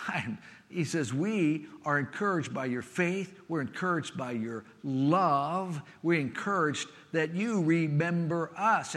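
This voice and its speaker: A man preaching a sermon with expressive delivery, dropping to a soft, hushed voice for a personal story. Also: on the high side. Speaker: pastor. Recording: long reverb of a large hall.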